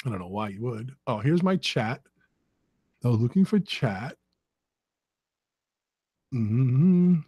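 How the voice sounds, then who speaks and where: A middle-aged man hosts his own podcast, rambling, swearing, and muttering to himself in casual chat while setting up a live stream. His husky mid-range voice is slow with long pauses and lively intonation, recorded with no echo and the highs cut off.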